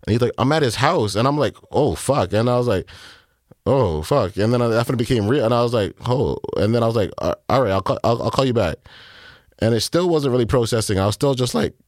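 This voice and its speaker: A man in his thirties, a music producer telling a personal story in an interview, speaking haltingly with many fillers and acting out what people said. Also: mid-range voice, expressive, no room sound, clean studio sound. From Canada. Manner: halting, filler-heavy, reenacts dialogue.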